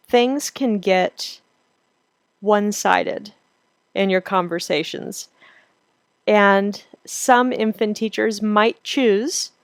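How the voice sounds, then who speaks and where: A woman instructor explaining child language development in a clear, steady teaching voice. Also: medium pitch, no echo. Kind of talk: recorded lecture.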